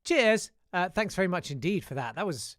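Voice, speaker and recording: Male live-stream host, slightly high and chatty, dry close sound. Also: big pitch swings, moderate pace, fairly bright tone, no room sound. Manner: chatty, self-deprecating, with many fillers. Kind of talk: casual live-stream chat show.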